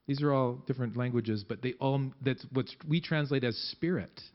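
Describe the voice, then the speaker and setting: A man's voice: mid-range voice, dull audio. A man preaching a sermon in a church, talking conversationally and often restarting his sentences. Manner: conversational, halting with many restarts. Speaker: pastor.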